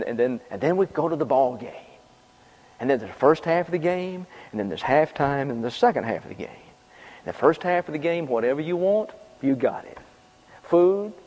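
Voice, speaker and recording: A man's voice: medium pitch, a little mellow. A man preaching a sermon in a conversational way, repeating his points and adding casual asides. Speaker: pastor. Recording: dull lo-fi sound with long reverb.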